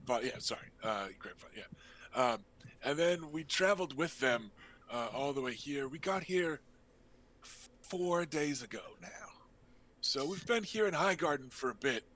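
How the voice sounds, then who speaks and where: A man's voice: fairly high pitch, lively intonation, normal speed, a bit bright. A man voicing an eager young nobleman who chats in a friendly, rambling way. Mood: chatty.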